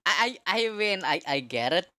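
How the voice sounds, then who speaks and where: A woman's voice: fairly low pitch, normal speed, no room sound, clean studio sound. A woman hosting a live stream, chatting casually and laughing along with her guests. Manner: lively, laughing. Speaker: stream host. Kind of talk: casual chat.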